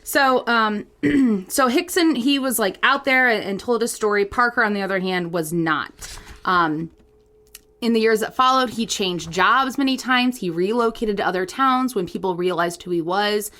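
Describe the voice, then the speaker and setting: A woman's voice: medium pitch, normal speed, pushed and bright. A woman co-hosting a podcast, casually telling a case, chatty, with plenty of ums and asides. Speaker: podcast co-host.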